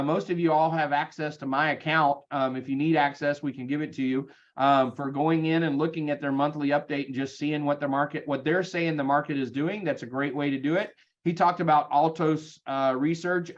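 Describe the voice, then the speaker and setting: A man leading a sales team meeting, energetic and chatty, with frequent ums, over a video call. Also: fairly high pitch, muffled recording. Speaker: real estate team leader.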